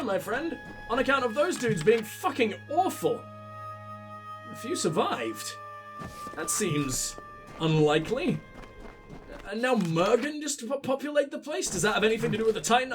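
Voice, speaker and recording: A man commentating a video game playthrough, sarcastic and profane, mocking the characters on screen. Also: high-pitched. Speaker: let's play host. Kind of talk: gaming commentary.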